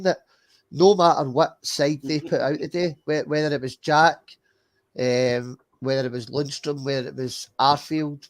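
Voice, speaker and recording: A Scottish man hosting a football podcast, talking bluntly and emphatically, with plenty of swearing and repeated words. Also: on the high side. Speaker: podcast host. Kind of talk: casual football chat.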